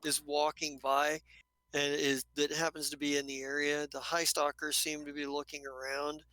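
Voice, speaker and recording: A man's voice: a little high, monotone, normal speed, sharp tone, smooth, dry recording, low-quality recording. A man narrating a tabletop game as game master, rambling with many restarts and casual swearing.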